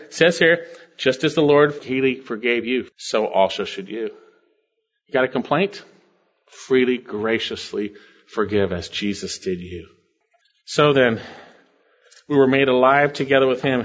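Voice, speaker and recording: Older male pastor, sermon, scripture exposition, swings between soft and excited, slightly dull recording. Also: medium pitch. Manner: expository preaching, quoting scripture and Greek words, with sudden swells of enthusiasm.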